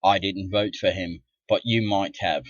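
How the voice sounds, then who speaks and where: A middle-aged man vlogging an indignant, profane rant to camera, dropping to mutters and then bursting out loudly. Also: low voice, fairly even intonation, measured pace, no echo. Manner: profane, indignant, swings from muttering to loud outbursts. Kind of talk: ranting monologue to camera. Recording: dull lo-fi dry sound.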